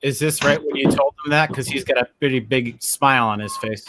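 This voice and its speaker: A man's voice: medium pitch, a little fast, background noise. A man hosting a casual interview, asking questions hesitantly with many ums and restarts. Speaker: interview host.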